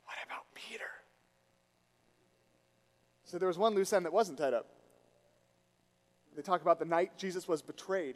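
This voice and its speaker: Guy preaching in a church, high voice, big echo off the walls. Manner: animated storytelling, rising to loud emphasis. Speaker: pastor. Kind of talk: sermon. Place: church sanctuary. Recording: reverberant hall.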